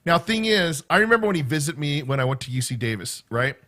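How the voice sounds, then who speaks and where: A man's voice: a little high, very animated, fast talker, pushed and bright. A middle-aged man rambling casually to his viewers, stringing stories together with constant "right?" and "okay?" asides. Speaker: vlogger. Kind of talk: casual rambling chat to camera.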